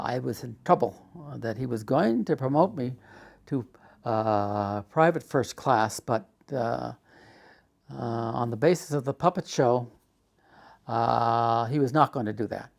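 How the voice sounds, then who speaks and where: A man's voice: mid-range voice, vocal fry. An older man recounting a memory from his past, rambling with frequent fillers and acting out the quoted exchanges. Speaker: artist telling his life story. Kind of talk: spoken recollection.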